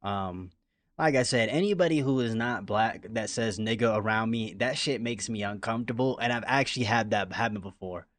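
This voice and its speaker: A man's voice: lowish voice, fairly quick, few pauses, fairly bright tone, no echo. A man from California giving casual, rambling reaction commentary who swears freely. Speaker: reaction streamer.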